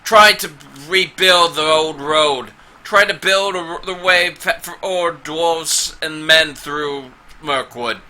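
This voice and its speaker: A man doing a loud, fuming dwarf. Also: a little high, takes it slowly, a little hiss or hum, full character voice. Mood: indignant. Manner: loud, indignant ranting. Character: gruff angry male dwarf road-builder.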